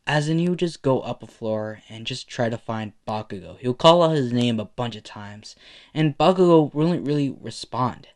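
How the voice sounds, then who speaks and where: A man's voice: mid-range voice, lively intonation, moderate pace. Rambling young man improvising a fan story. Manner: loose, rambling, many fillers. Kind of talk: improvised fan-fiction narration.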